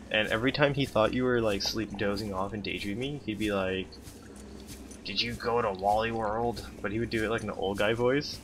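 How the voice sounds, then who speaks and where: A young man with a lowish voice gives casual gameplay commentary. He talks straight to his chat in a dry, sarcastic tone. A steady noise hangs under the recording. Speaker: game streamer.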